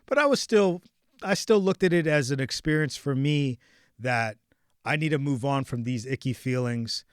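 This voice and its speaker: A man in his forties hosting a podcast, telling a personal story in a casual chat with animated swings between hushed and loud. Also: mid-range voice, normal speed, clean tone, dry recording, clean studio sound. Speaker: podcast host.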